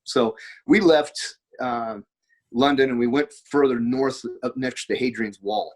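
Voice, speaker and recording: A man's voice: mid-range voice, a little slow, rough recording. A man, a podcast guest, talking in a rambling, anecdotal way during a casual conversation. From United States.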